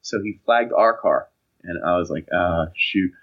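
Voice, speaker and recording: A young man telling casual anecdotes on a podcast, animated and acting out the voices of people in his stories. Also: low voice, moderate pace, breathy edge. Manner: animated, acts out voices in anecdotes, laughs often. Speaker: podcast co-host. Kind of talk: casual storytelling chat. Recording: dull lo-fi podcast audio.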